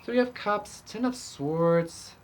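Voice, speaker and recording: A woman's voice: mid-range voice, slow pace, slight background noise. A woman giving a casual pick-a-card tarot reading, rambling with lots of fillers and swearing freely. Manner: rambling, profane, lots of fillers, laughs often. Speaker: tarot reader.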